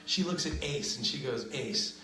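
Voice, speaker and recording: A man's voice: on the high side, a little fast, vocal fry, a bit bright, reverberant, rough recording. A man who is a comedian and radio host, telling crude stories in casual chat and laughing often. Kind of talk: casual podcast chat, storytelling.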